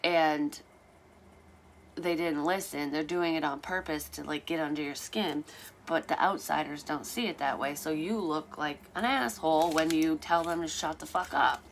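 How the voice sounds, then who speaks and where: A woman with a notably low voice recounts a personal story in a loose, rambling way. She is blunt, drops curse words freely and fills her pauses with "um". There is a faint hiss underneath her speech. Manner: candid, swears freely, rambling with fillers. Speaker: vlogger telling a personal story. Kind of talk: casual storytelling.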